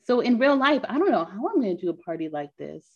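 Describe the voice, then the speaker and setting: A woman co-hosting a podcast in casual chat, talkative and quick to laugh, with lots of filler words. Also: medium pitch, big pitch swings. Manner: chatty, laughs often, many "like" fillers. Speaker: podcast co-host. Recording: dull lo-fi sound.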